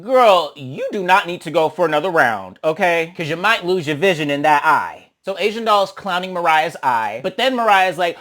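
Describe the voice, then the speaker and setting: A man's voice: sits high, normal speed, hardly any pauses. Sassy young man recapping reality TV. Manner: sassy, animated, swings into mocking quoted voices. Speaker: reality show recap host. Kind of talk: casual commentary recap.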